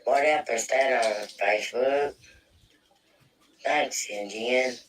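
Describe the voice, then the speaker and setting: A man's voice: mid-range voice, slow pace, a bit bright, slight background noise, poor audio. A man chatting casually on a live stream in plain, colloquial speech, reading out viewer comments and thanking viewers. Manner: plain-spoken, colloquial grammar. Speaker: livestreamer.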